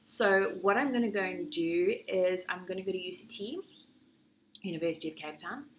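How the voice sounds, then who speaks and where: A young woman who runs a marketing agency, giving a lively business presentation and acting out sales pitches. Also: moderate pace, a little hiss or hum.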